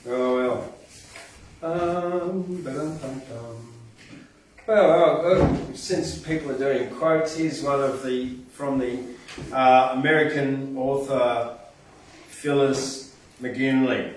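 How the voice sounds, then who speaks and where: A man's voice: mid-range voice, takes it slowly, a little hiss or hum. A man hosting an open mic, playful, with chuckling, rambling asides between poems. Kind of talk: casual hosting and poetry reading. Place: poetry event venue. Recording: very echoey room, distant mic.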